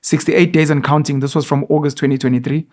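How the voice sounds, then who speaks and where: A man hosts a casual studio conversation, his voice sitting a little higher than most men's. He asks probing questions and now and then reads search results aloud. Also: steady tone, quick pace, a little mellow. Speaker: podcast host.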